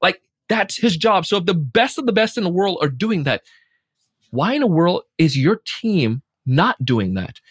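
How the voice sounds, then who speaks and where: A man talking casually as a podcast guest, animated, acting out quoted voices. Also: high voice, moderate pace, breathy edge, no room sound, studio quality. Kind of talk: casual chat.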